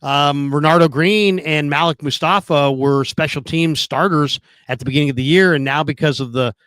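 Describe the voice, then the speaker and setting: A man's voice: a little high, normal speed, a bit bright, smooth, no room sound. Argumentative man debating football. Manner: argumentative, questioning, many restarts. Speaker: podcast co-host. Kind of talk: casual sports debate.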